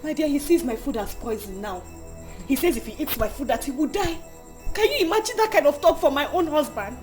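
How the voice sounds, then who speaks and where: A worried Nigerian wife speaks in a high, animated voice. She pleads and exclaims often. Music plays clearly behind her. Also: a little fast. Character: worried wife falsely accused of cheating.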